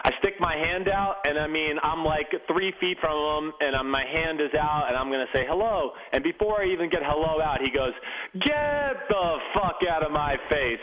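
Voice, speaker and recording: A man who played pro football, telling locker-room stories as a podcast guest in a lively, animated way. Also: a little high, fairly quick, few pauses, phone-quality sound, crowd noise. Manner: animated storyteller with restarts. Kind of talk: storytelling in casual chat.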